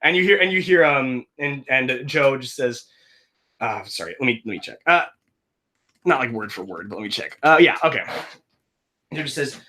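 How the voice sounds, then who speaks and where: A man runs a tabletop game as game master, describing scenes in a bright, animated voice. He rambles and corrects himself with playful asides. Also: medium pitch, moderate pace, long pauses.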